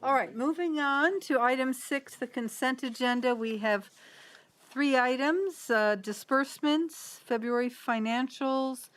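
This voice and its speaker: A woman chairing a town council meeting, moving briskly through agenda items and calling votes. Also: high-pitched, a bit bright.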